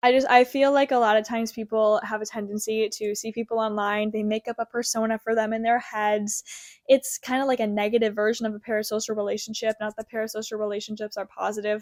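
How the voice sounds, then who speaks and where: A young woman, a crochet designer, chatting casually to camera from her childhood bedroom as an animated storyteller with lots of fillers. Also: mid-range voice, no echo. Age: young adult.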